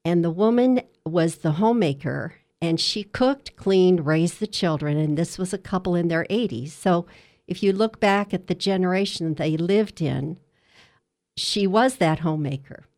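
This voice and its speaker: A hospice dietitian, speaking in an interview, recounts a patient's story with earnest, measured storytelling. Her voice is fairly low-pitched with a darkish tone.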